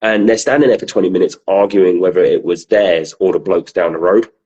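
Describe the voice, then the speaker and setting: Casual podcast co-host, male, southern English, deep husky voice, storyteller who swears. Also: steady tone, a little fast, darkish tone, poor audio. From southern England. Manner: laughing storyteller, swears freely. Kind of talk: casual chat.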